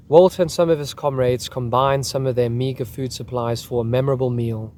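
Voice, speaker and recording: A man's voice: medium pitch, fairly even intonation, a little fast, hardly any pauses, warm tone, slight background noise. A man hosting a history video, talking casually and reading out a soldier's account. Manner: chatty, repeating "crazy, hey?".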